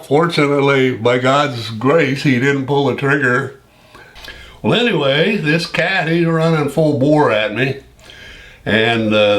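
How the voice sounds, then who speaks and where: Slow-talking older man spinning a yarn. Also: medium pitch, fairly bright tone. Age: 70s. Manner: chuckles often between phrases; folksy, unhurried retelling. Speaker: Vietnam veteran recounting his service. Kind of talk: casual spoken storytelling.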